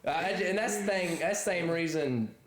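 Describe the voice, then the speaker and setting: A man in his thirties telling a story in casual chat, acting out quotes with big jumps in pitch and laughing often. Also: moderate pace. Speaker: podcast guest. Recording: echoey room with crowd noise.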